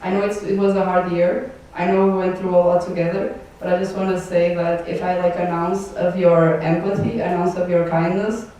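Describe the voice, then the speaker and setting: A fairly low, dark woman's voice with little pitch movement speaks at normal speed, pausing rarely. She is a young Portuguese native and departing board member giving a heartfelt, rambling farewell full of laughter between her thanks. Echo from the large event hall, a distant mic, and faint noise shape the recording.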